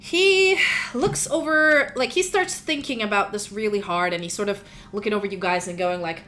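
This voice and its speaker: Bright-voiced woman running a tabletop game. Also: mid-range voice, normal speed, few pauses, soft background music. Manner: chatty, animated narration with fillers. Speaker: game master.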